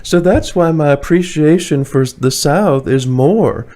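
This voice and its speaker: A man's voice: fairly high pitch, a little slow, dark tone. A man with a Tidewater Virginia accent, rambling in a casual, opinionated vlog monologue, full of fillers and chuckles, recorded indoors. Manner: chatty, rambling, many fillers, chuckles often. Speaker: vlogger. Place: indoors, warm room.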